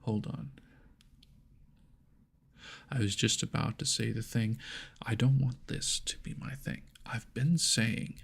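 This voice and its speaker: A man hosting a whispered ASMR chat into an ears mic, soft and rambling, laughing at himself. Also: medium pitch, fairly even intonation, takes it slowly, creaky, pauses often, slightly rough. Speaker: ASMR channel host. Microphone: homemade binaural ears mic.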